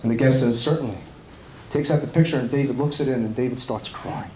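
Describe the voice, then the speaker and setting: A man, a rabbi, telling a story in a sermon with animated delivery and snatches of song. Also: medium pitch, fast talker. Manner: animated, sings snatches of melody. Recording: echoey room with faint background noise.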